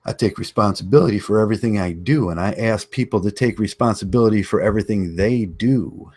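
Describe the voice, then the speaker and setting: A man's voice: on the low side, fairly quick, a little mellow, husky. A man hosting his own channel, delivering a blunt, combative monologue and repeating lines for emphasis. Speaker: online channel host. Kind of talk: ranting monologue.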